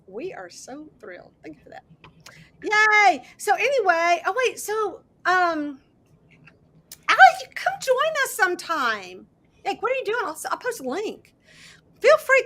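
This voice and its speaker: A high-pitched woman with a bright, forceful voice hosts a casual crafting livestream. She chats away, thinks aloud as she works, and greets viewers by name. She sounds sleep-deprived. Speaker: host of a miniatures crafting livestream.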